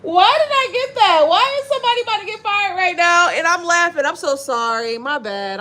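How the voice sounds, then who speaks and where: Bubbly tarot reader lady, bright voice that jumps all over, joking around and laughing a lot. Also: very high-pitched, fairly quick, hardly any pauses, faint music behind. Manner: animated, laughing, slangy and playful. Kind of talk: casual live tarot reading.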